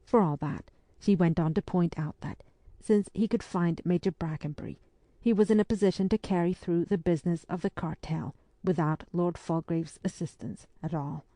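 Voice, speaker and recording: Sex: woman. Role: audiobook narrator. Style: scripted narration. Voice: low, mellow, dry. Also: moderate pace, no echo.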